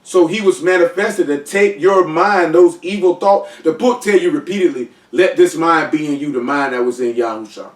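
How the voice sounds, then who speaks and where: Man teaching scripture in loose slangy talk with joking asides; higher voice, recorded far off in a roomy space. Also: normal speed, hardly any pauses. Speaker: teacher leading a Bible study. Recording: echoey room, distant mic.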